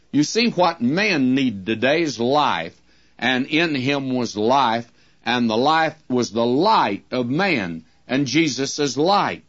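Man, radio Bible teacher, sermon, emphatic, unhurried, dull lo-fi sound. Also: mid-range voice, fairly bright tone. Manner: emphatic, addresses listeners as friends.

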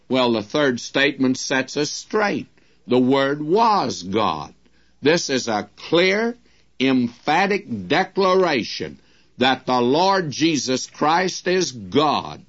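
Man, radio Bible teacher, sermon, emphatic, unhurried, dull lo-fi sound. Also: medium pitch, big pitch swings, fairly bright tone. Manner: emphatic, addresses listeners as friends.

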